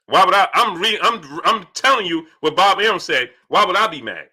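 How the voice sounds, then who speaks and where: Young guy on a live stream reading chats, bright punchy voice, kinda high, repeats stuff a lot. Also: normal speed, slightly rough. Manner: animated, repeats himself, shouts out viewers. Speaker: livestream host reading super chats. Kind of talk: casual livestream chat.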